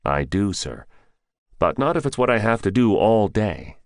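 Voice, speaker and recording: A terse, level-headed ex-commando answers in clipped, respectful lines, voiced by a male narrator. The voice sits very low and deep. The sound is dry and close. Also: very animated, normal speed, dry recording. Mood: calm. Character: calm, terse male ex-Delta mercenary.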